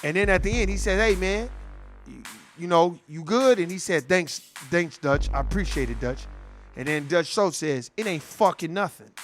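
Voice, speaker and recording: A man's voice: high voice, a bit bright. A man delivering a profane, heated political rant in street slang. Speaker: commentator.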